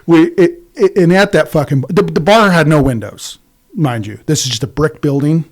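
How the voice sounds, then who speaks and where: Casting: man, fairly high voice, loose profane storyteller with lots of false starts. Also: normal speed. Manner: rambling, profane, many restarts. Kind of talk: casual storytelling chat.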